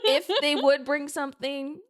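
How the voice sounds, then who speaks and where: A woman's voice: sits high, flat delivery, normal speed. A young adult woman co-hosting a podcast in casual, playful banter. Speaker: podcast co-host. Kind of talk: casual chat.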